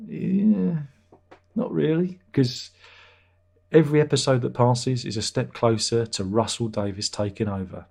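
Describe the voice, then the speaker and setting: A man's voice: mid-range voice, normal speed, a little mellow. A man hosting a casual livestream chat, rambling and self-deprecating. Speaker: livestream host.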